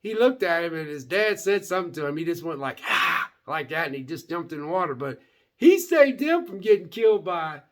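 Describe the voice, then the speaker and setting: Animated, rambling man reviewing a movie. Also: fairly high pitch, fairly quick. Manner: rambling, repeats words, says "man" often; folksy, animated. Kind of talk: casual movie review chat.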